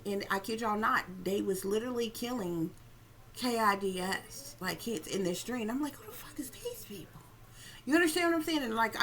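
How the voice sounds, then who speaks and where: A woman's voice: medium pitch, a little hiss or hum. Blunt, profane woman talking to viewers. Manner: blunt, profane, animated storytelling with frequent asides to viewers. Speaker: psychic tarot reader. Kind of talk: casual monologue to viewers.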